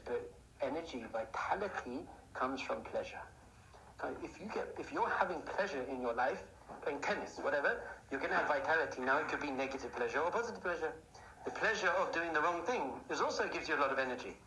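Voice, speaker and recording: A man giving a lively Torah class, asking rhetorical questions and building up to excited outbursts. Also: mid-range voice, normal speed. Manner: animated, rhetorical questions, bursts into excited shouting. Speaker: Jewish teacher. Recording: echoey room, faint noise.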